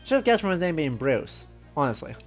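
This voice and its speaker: Chatty streamer with a lively voice. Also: medium pitch, brisk, soft background music. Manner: chatty asides and jokes. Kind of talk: let's play commentary, reading the game aloud.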